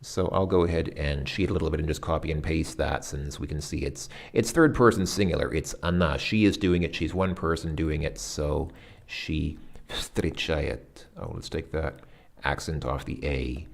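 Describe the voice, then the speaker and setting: Working through a workbook exercise out loud, a language lesson host with a low, creaky voice hesitates and searches for words, correcting himself and haltingly sounding out the foreign terms.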